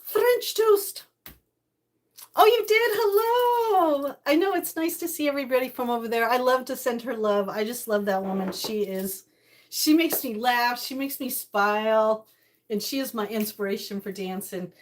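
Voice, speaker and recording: A woman's voice: on the high side, normal speed, slight background noise. An older woman hosting a casual live-stream cooking chat from her home kitchen, chatty and bubbly, greeting viewers by name. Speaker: livestream host.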